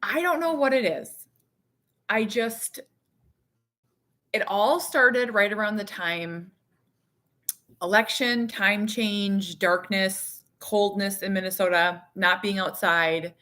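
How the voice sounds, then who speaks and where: Bright-voiced chatty mom in her thirties. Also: medium pitch, slow pace, long pauses. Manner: frank, chatty and self-mocking, with laughs and fillers. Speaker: mother and vlogger. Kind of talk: casual candid chat to camera.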